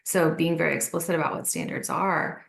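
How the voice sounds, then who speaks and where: Gravelly-voiced woman doctor telling a story. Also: deep voice, steady tone, fairly quick. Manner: reflective storytelling. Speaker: obesity medicine physician, podcast guest. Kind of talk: casual podcast conversation.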